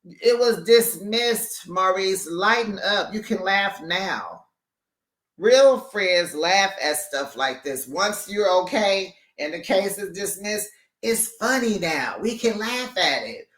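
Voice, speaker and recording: Recap YouTuber, casual gossipy chat, frequent laughter, slangy, mid-pitched voice, roomy home mic. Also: slow pace. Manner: laughs often, gossipy and animated, uses slang. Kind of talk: casual chatty show recap. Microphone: USB microphone held back from the mouth.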